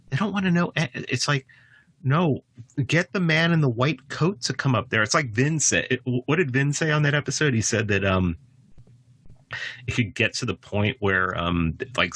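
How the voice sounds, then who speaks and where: A husky-voiced man speaks at normal speed as a guest on a podcast, rambling casually with frequent restarts and sudden animated jumps in pitch. The recording is dry.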